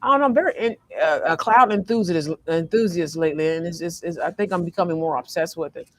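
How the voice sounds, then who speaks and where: A man giving a casual, rambling tarot reading from a fast-food restaurant, full of fillers and restarts. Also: on the high side, a bit bright, no room sound. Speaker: tarot reader. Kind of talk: casual spiritual card reading vlog.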